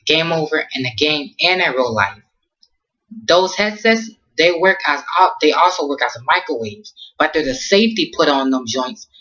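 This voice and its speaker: A man's voice: fairly high pitch, sharp tone, dull audio. A man casually recapping an anime episode in slangy talk, rambling with lots of ums and restarts. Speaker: anime reviewer.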